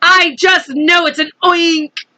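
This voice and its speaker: A woman voicing a panicky male head of the fire department in a storybook, yelling shrilly and frantically. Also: extremely high pitch, steady tone, slow pace, voice pushed up, heavily acted. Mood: panicked.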